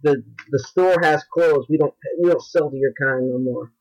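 A man co-hosting a podcast in casual chat, dropping deadpan wisecracks and blunt, profane complaints. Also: mid-range voice, normal speed, dull audio. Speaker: podcast co-host.

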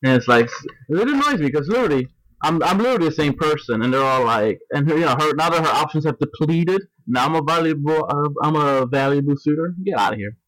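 A man's voice: on the high side, animated, quick pace, fairly bright tone, no echo, low-quality recording. A man co-hosting a podcast, venting in casual chat. He rambles, swears and mimics other people's voices. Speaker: podcast co-host.

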